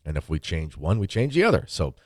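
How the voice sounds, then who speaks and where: A man's voice: sits low, sing-song, fairly quick, darkish tone, no echo, studio quality. A man hosting a podcast, talking in a casual chat style with emphatic bursts. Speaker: podcast host.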